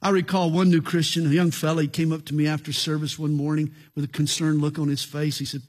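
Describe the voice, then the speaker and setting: A middle-aged man, preaching a radio sermon as pastor, earnest with dramatic swings in pitch and loudness. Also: brisk, slightly rough.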